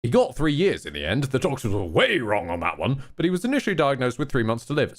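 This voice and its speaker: A man's voice: medium pitch, huge pitch swings, fairly quick, few pauses, faint music behind. A man live-streaming a game, chatting casually, rambling and swearing often with candid asides.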